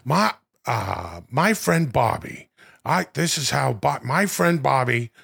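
A man doing a mumbling, gruff older movie-star impression. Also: mid-range voice, very animated, takes it slowly, fairly bright tone, full character voice. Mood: musing. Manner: mumbling, repeating one phrase over and over.

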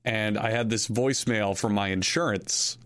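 A man co-hosting a casual podcast, telling a story with lively acted-out quotes. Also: on the low side, moderate pace. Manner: animated storyteller who acts out quoted voices. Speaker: podcast co-host.

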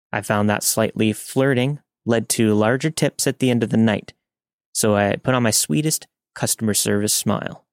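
A man narrating a first-person story in a steady, matter-of-fact way. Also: mid-range voice, no echo, clean studio sound.

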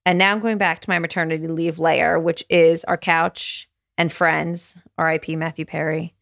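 A young woman hosting her own podcast, chatting candidly and casually, swearing freely and saying "like" a lot, with a gravelly fry in her voice. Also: sits low, level tone, normal speed, a bit bright. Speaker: podcast host. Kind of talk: casual solo podcast chat.

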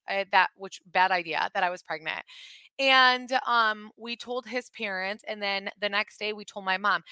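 A woman in her thirties with a bright, slightly high voice tells a family story in loose, filler-heavy chat. She sounds close to the mic in a dry space. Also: clean tone, dry recording. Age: 30s. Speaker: podcast co-host.

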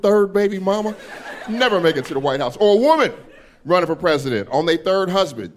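A man performing a stand-up comedy set on a club stage, telling stories animatedly and acting out characters. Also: sits high. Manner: animated storytelling, acts out characters in quotes.

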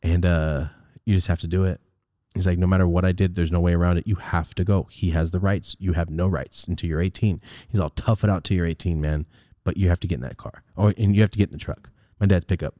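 A man's voice: quick pace, dry recording, clean studio sound. A young man telling a story on a podcast, casual and profane, acting out the voices of people he quotes. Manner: animated, profane, acts out quotes with big pitch jumps. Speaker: podcast host.

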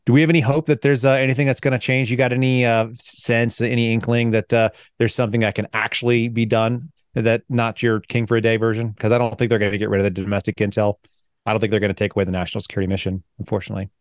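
A man hosting an interview, telling anecdotes in a brisk, conversational way. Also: on the low side, little pitch movement, clear, resonant tone, no room sound. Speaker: podcast host. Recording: dry close mic.

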